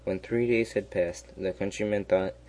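A man reading a fairy tale aloud in a slow, even way, with small slips and restarts. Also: low-pitched. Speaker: storyteller.

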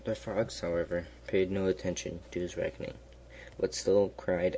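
A man reading a fairy tale aloud in a slow, even way, with small slips and restarts. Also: sits low, a little hiss or hum. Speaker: storyteller.

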